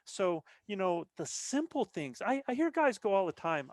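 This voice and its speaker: Man, podcast guest, casual chat, earnest explainer, frequent restarts, slightly high pitch, dry sound. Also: big pitch swings, normal speed, a little mellow, dry recording. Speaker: podcast guest, veteran elk bowhunter.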